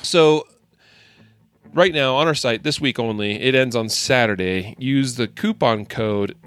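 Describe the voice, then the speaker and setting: A man's voice: medium pitch, unhurried, a bit bright, smooth. A man hosting a podcast, chatting casually and reading sponsor spots in an upbeat, conversational way. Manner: upbeat, conversational, with fillers and asides. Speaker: podcast host. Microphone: screen-sharing video call setup.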